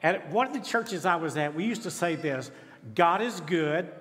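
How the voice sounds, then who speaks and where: A man's voice: fairly high pitch, animated, a little fast, a bit bright. A middle-aged man, preaching as a guest speaker with folksy, self-deprecating stories and humor. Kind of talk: sermon. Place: church sanctuary. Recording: long church reverb. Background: congregation responding.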